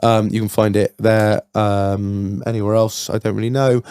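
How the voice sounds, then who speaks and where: An English man hosting a podcast, telling stories in sweary, animated casual banter. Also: on the low side, normal speed, clean tone, dry recording. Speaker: podcast host.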